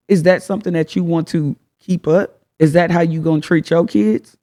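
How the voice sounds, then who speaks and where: A man's voice: fairly high pitch, fairly even intonation, moderate pace, few pauses, dark tone. A man hosting a casual advice talk, speaking frankly in slang and firing off rhetorical questions. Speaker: host.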